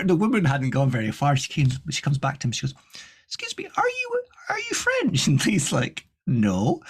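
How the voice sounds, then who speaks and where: Rambling man, podcast co-host. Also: medium pitch. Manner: rambling, with many restarts and stammers. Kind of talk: casual chat.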